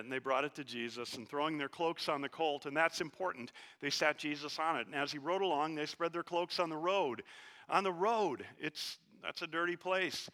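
A man preaching a sermon in a conversational, animated way with jokes and earnest asides. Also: fairly high pitch, fairly quick. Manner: conversational and animated, joking, then hushed and earnest. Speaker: pastor.

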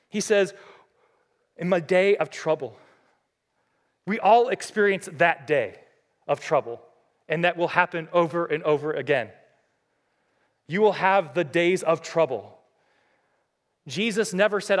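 A middle-aged man preaching a sermon as a pastor, earnest and impassioned, swinging between loud emphatic lines and low quiet ones. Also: measured pace, pauses often.

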